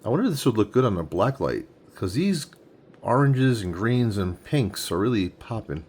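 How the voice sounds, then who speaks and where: A man's voice: on the low side, sing-song, normal speed, a little mellow, slight background noise. A man in his forties casually unboxing comics, thinking aloud with enthusiasm as he handles each one. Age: 40s. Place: home room with a tripod-mounted camera.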